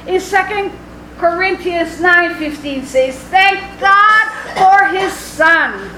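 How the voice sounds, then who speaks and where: A woman's voice: very high voice, a bit bright, echoey room, slight background noise, low-quality recording. A woman preaching a sermon in an impassioned, rhythmic way, quoting scripture.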